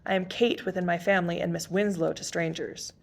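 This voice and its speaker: A proud young woman who keeps a formal, sharp, correct tone, as a woman reads her aloud from a storybook. The voice is lowish and gravelly. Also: steady tone, brisk.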